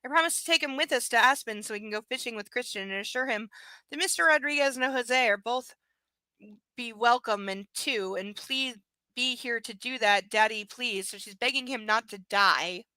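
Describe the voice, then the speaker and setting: A woman's voice: a little high, moderate pace, bright, forceful tone, dry recording. Sarcastic woman reading aloud live. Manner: sarcastic, profane asides. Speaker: livestream reader. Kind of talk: live reading with mocking commentary.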